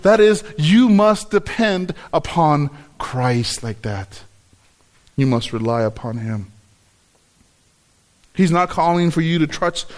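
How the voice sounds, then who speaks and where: A middle-aged man preaching a sermon, telling a personal story and acting out his own reactions. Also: sits high. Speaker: pastor.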